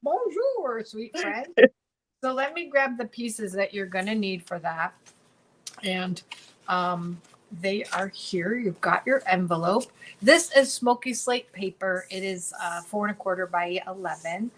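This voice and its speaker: A woman's voice: medium pitch, unhurried, rough recording. Bubbly woman demonstrating crafts. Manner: bubbly and chatty, repeats phrases. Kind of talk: casual craft tutorial.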